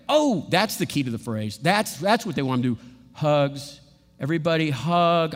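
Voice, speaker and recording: A man preaching a sermon in a lively, animated way, often acting out what others say. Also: on the high side, normal speed, big-room sound. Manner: animated, acts out quotes in playful voices.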